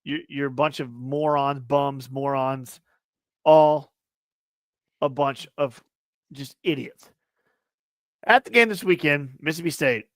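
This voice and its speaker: A young man co-hosting a casual sports podcast, ranting loudly and profanely with a lot of repetition. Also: a little high, no echo. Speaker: podcast co-host.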